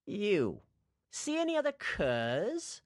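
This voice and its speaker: A man's voice: sits high, huge pitch swings, takes it slowly, no room sound, clean studio sound, pitched above the performer's own voice, full character voice. A man doing a raised-voice cruel warlord. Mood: menacing. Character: cruel ruthless male usurper warlord.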